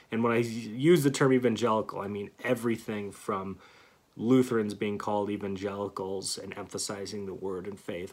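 Guy with a lowish voice doing a bible teaching talk, earnest, leans hard on words. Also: breathy edge. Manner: earnest, emphatic, reads scripture aloud with pauses and restarts. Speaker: Christian teacher. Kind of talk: theological lecture.

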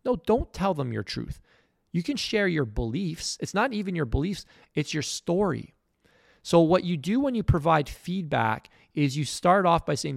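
Middle-aged man, podcast host, gravelly voice, dry close sound, blunt and preachy delivery. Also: fairly high pitch, very animated, normal speed, no echo. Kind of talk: motivational podcast monologue.

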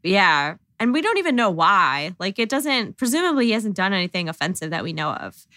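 A young woman chats as a podcast guest, tossing in sarcastic asides and laughing often. Her voice is bright. The recording is dry and close, with no room sound. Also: mid-range voice, sing-song, brisk, no room sound. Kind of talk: casual chat.

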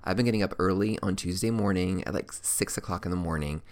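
A man's voice: low-pitched, quick pace. A man hosting a show, casually and effusively gushing over a series he recommends, with many fillers. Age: adult, working. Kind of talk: casual enthusiastic review.

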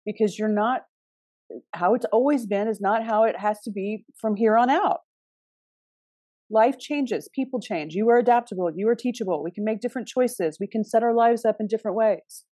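A woman's voice: on the high side, normal speed, dark tone, no room sound, studio quality. A middle-aged woman hosting a casual astrology talk, chatty, restarting often and laughing now and then. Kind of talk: casual spoken advice.

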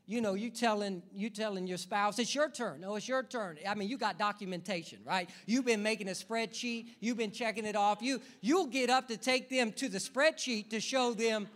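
A male pastor delivers a sermon in a bright, ringing voice. He drives each point home with rhythmic repetition and keeps turning to the congregation with rhetorical questions. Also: sits high, moderate pace, hardly any pauses.

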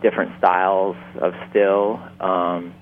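A man's voice: sits low, little pitch movement, takes it slowly, a little hiss or hum. A man from Upstate New York, a winemaker, talking casually in an interview with many fillers and restarts. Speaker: winemaker guest. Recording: tinny phone-like line.

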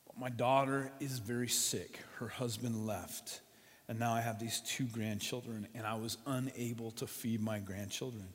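A man playing a hushed, ashamed old grandmother. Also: steady tone, moderate pace, lightly acted. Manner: soft, low and hushed. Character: ashamed elderly grandmother, poor and pleading. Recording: long hall reverb.

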